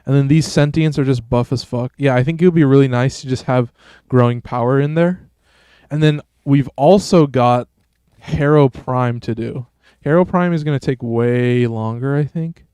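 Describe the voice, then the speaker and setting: A man's voice: mid-range voice, normal speed, mellow, clean tone, dry recording, studio quality. Laid-back rambling male streamer. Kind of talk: casual gameplay commentary.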